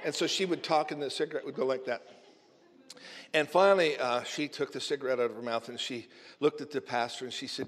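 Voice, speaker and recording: A man who is a minister telling a humorous story in a sermon, animated and often chuckling as he talks. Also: mid-range voice, fairly quick. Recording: long hall reverb.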